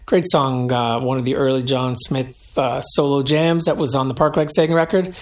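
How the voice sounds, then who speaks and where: A man giving casual, self-deprecating spoken commentary on his own album's tracks, relaxed and loose with frequent fillers. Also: mid-range voice, moderate pace.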